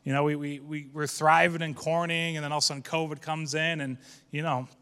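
A man's voice: fairly high pitch, little pitch movement, fairly quick, a bit bright, clear, resonant tone, in a large hall. A man preaching a sermon as pastor, casual and folksy, building to fervent calls to his congregation.

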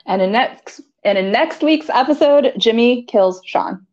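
A woman's voice: on the high side, animated, unhurried, darkish tone, dull audio. A woman co-hosting a podcast in casual chat, laughing often and dropping dry asides. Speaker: podcast co-host.

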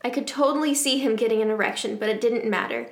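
A woman's voice: fairly high pitch, fast. Giggly woman reading fan fiction aloud. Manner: amused, giggly asides. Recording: roomy echo.

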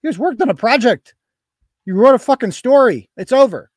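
A man hosting a live-stream show, giving profane, sarcastic commentary in an animated way. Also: very high-pitched, brisk, no room sound, clean studio sound. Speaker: show host.

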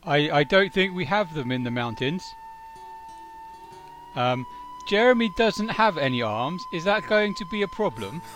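Casting: man doing an earnest, literal mountain man, slightly high voice, tabletop game. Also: big pitch swings, unhurried, fairly bright tone, soft background music. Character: naive mountain man with a pet sheep.

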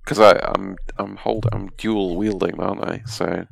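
A man's voice: sits low, steady tone, normal speed, gravelly, husky, no room sound. A man playing in a tabletop role-playing game, talking casually and stumbling over his words. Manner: hesitant, stumbling restarts. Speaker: player.

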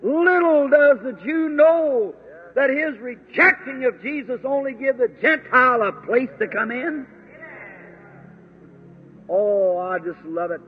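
A man preaching a sermon in a fervent, drawn-out way, breaking into exclamations. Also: very high voice. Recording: tinny lo-fi old sermon tape.

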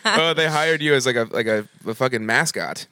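A man's voice: medium pitch, a little fast, bright, forceful tone, no room sound. A man hosting a casual chat in a vocal studio, joking and playful. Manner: joking, playful, laughs often.

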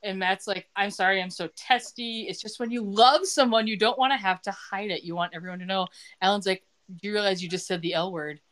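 This middle-aged podcaster has a medium-pitched, steady, slightly bright voice and a brisk pace. In casual chat, she recaps a TV episode, going over scenes and quoting what the characters said.

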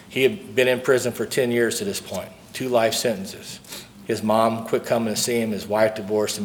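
A middle-aged man from St. Louis speaks as an AA speaker, earnest and story-driven, and he repeats his key lines for weight. His voice sits a little low. A faint room ambience is heard behind him. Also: a little hiss or hum. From St. Louis, Missouri. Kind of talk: recovery talk to a live audience.

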